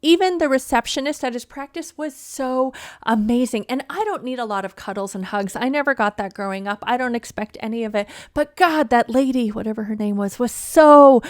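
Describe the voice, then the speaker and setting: A woman's voice: on the high side, a little fast, few pauses, dry recording, clean studio sound. A woman hosting a podcast, telling a story in a blunt, wry and profane casual rant. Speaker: podcast host. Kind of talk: casual ranting monologue.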